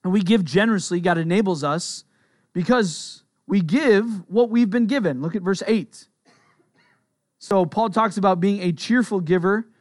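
High-voiced man preaching conversationally. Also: a little mellow, no echo, clean studio sound. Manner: conversational, earnest preaching with quick asides. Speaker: pastor. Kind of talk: sermon.

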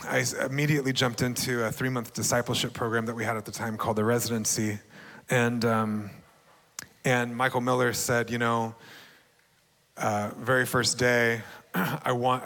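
Earnest young male preacher, warm testimony with frequent light laughs, long hall reverb. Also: medium pitch, moderate pace, gravelly. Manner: earnest, laughs often, bursts into excited shouting. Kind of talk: sermon testimony.

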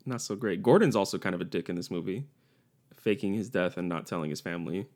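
Young male podcast co-host, very low register, loose and rambling, quick to laugh. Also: darkish tone. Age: young adult. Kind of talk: casual chat.

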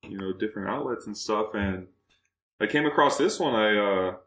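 Easygoing low-voiced man, guest. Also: expressive, moderate pace, fairly bright tone, echoey room, poor audio. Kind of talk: casual podcast chat.

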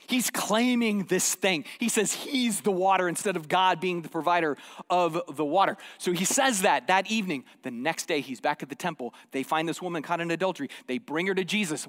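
A man preaching a sermon, animated, dropping to hushed asides and rising to loud acted quotes. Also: a little high, normal speed. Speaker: pastor. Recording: long hall reverb.

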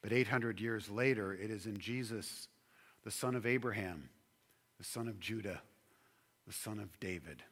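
A man's voice: fairly low pitch, normal speed, long pauses, a bit bright, husky. A male pastor preaching a sermon, building emphasis and stretching key words.

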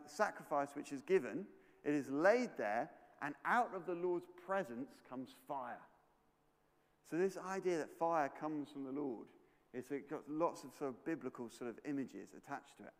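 A playful, energetic man tells a Bible story and draws his young audience into the action. His voice sits a touch high and moves up and down with a lot of life. The sound rings out with the long reverb of a large hall. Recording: echoey hall.

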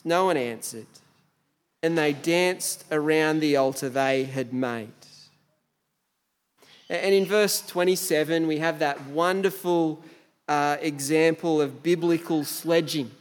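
Slow-talking Australian preacher in a reverberant hall. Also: male voice, a little high. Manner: conversational, asks rhetorical questions, stumbles on words. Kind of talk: sermon. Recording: long reverb in a large hall.

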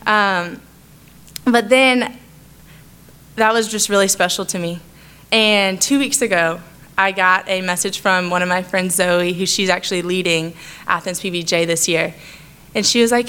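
A woman's voice: mid-range voice, fairly bright tone, clean tone. A young adult woman giving a heartfelt personal testimony to her church, talking in an earnest, conversational way. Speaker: church speaker sharing a testimony.

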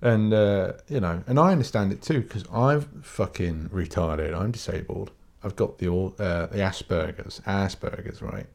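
Sweary British man ranting, lowish voice. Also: moderate pace, vocal fry, hardly any pauses, darkish tone. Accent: British English. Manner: blunt, sweary, rambling, with many restarts. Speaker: podcast host. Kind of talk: casual solo podcast rant.

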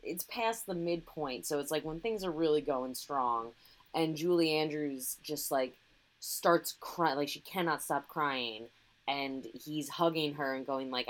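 A woman with a strikingly low voice talks casually on a podcast. She is chatty and laughs easily, often breaking into quick impressions of lines from a film. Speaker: podcast co-host. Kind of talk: casual film-review chat.

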